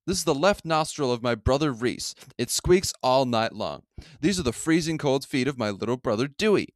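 A man voicing a wry boy narrator of a sitcom, in his own plain, deadpan reading voice. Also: medium pitch, normal speed, dry recording, natural voice.

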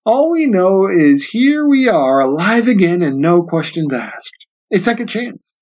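A man reading aloud as a tart old grandmother back from the dead, speaking slowly in a raised, pert voice. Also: sits high, big pitch swings, a little mellow, heavily acted. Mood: serene. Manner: pert, unbothered, slow and raised. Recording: dull lo-fi sound.

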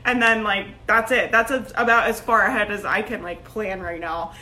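Bright, chatty woman coach talking to camera. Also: mid-range voice, moderate pace. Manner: chatty and energetic, laughs often, says like and right a lot. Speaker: business coach hosting a Facebook group live video. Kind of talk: casual motivational live-stream talk.

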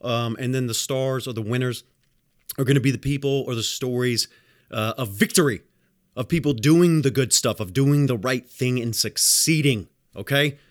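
Here a medium-pitched man talks at a moderate pace, captured cleanly in the studio with no room sound. Working as a home health nurse, he tells job stories in a blunt, profane, casual rant. He gets animated, acting out conversations in other voices as he tells his stories.

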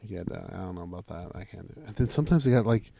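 A man's voice: deep voice, animated, racing, creaky, dark tone. A man co-hosting a podcast, joking profanely, laughing, and acting out imagined dialogue. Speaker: podcast co-host. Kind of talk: crude casual banter.

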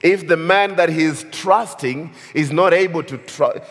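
A man's voice: fairly high pitch, unhurried. A man explaining scripture as a Bible teacher, speaking with emphasis and chuckling now and then. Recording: long hall reverb.

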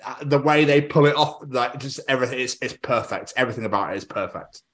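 A man's voice: mid-range voice, fast talker. A man co-hosting a casual podcast, enthusiastic and laughing. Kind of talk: casual chat.

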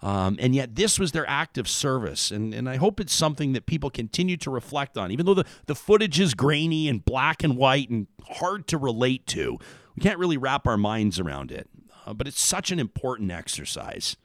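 A man's voice: mid-range voice, big pitch swings, brisk, dry recording, clean studio sound. A man hosting a radio talk show, talking in a rambling, earnest way with many restarts.

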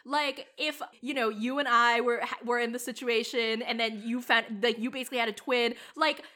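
A woman's voice: on the high side, fairly even intonation, moderate pace, pushed and bright. A young woman co-hosting a casual movie-review chat, talking in a rambling way full of fillers. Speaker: podcast co-host.

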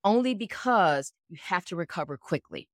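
A woman working as a mental performance coach, answering interview questions and walking through scenarios step by step in an animated way. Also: lowish voice, normal speed, dry recording, studio quality.

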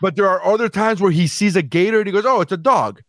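A man co-hosting a casual podcast, telling stories in an animated way and swearing freely. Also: high-pitched, fast, dry recording. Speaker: podcast co-host.

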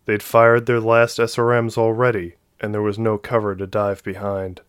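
A man reading an action story aloud with steady, dramatic narration. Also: fairly low pitch, normal speed, clean tone, dry recording. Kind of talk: scripted audiobook narration.

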